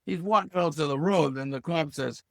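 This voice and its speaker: Man around seventy, gravelly voice, dry sound, animated storyteller, quotes people in voices. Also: fairly high pitch, brisk, dry recording. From Hull, Massachusetts. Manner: lively anecdotes, acts out quoted voices. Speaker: guest. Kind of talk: casual storytelling interview.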